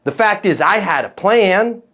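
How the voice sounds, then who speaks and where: A man coaching a group of salespeople in a live training session, talking in a folksy, animated way. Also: sits high, unhurried. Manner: acts out quotes in different voices.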